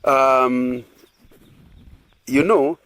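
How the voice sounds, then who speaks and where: A man's voice: mid-range voice, fairly even intonation, very slow, a bit bright, dry recording. A man preaching at a couples' retreat, earnest and repetitive, often asking the audience if they agree. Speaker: pastor.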